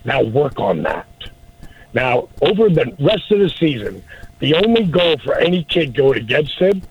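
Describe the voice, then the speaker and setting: Middle-aged man, husky voice, fairly high, animated storyteller, dull lo-fi audio. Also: moderate pace, no room sound. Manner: animated storyteller acting out dialogue. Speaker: guest telling a story. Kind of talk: casual anecdote.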